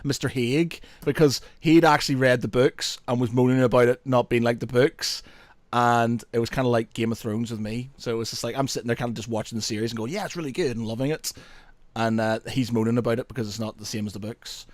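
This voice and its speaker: A man from England, chatting casually as a podcast co-host, laid-back and quick to laugh. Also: mid-range voice, fairly even intonation, no echo.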